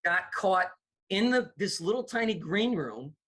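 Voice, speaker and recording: A middle-aged American man, a comedy producer, tells stories in a casual interview with a high-pitched voice and a slightly slow pace. He's animated and performs the voices of the people he quotes.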